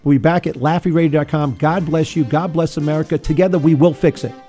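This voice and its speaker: A man's voice: on the high side, fairly even intonation, fast talker, mellow, faint music behind. A man hosting a political talk radio show who speaks in an earnest, restless way and repeats words when he pushes a point. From Rhode Island.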